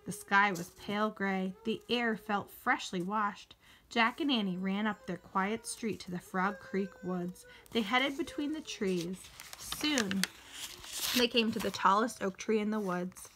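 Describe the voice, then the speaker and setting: A woman's voice: mid-range voice, a little slow, bright, forceful tone. A woman reading a children's chapter book aloud, lifting her voice for the children's lines and sometimes restarting a word. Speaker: reader.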